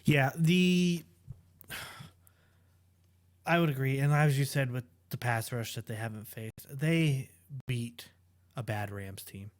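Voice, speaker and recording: Casting note: male podcast co-host, mid-pitched, casual sports chat, opinionated with lots of "um"s. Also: slow, long pauses. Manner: opinionated, trails off into fillers.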